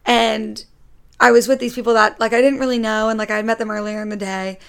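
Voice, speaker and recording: A woman in her twenties, a guest on a podcast, chatting in an animated way and saying "like" a lot. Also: on the high side, brisk, creaky, smooth. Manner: chatty and animated, fills speech with "like". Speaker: podcast guest, actor and YouTuber. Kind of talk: casual chat.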